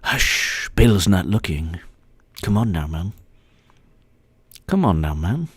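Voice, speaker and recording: A man puts on a low, mumbling old president who sits well below his usual pitch and drawls out every line. He wheedles along lazily, tacking "man" onto his sentences. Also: very animated, slow, husky, no echo, exaggerated voice. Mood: wheedling. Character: rambling elderly male president, mumbly and wheedling.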